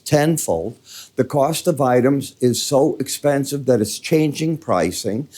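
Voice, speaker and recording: A man's voice: medium pitch, a little mellow. An older man with a Midwestern American accent giving chatty, conversational market commentary, walking through charts with folksy asides.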